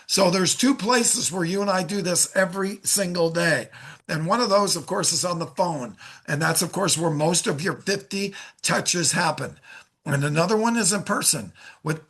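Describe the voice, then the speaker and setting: A man's voice: high voice, a bit bright, breathy edge. A middle-aged man teaching a sales lesson in an upbeat coaching manner, acting out sample phone calls. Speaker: sales trainer.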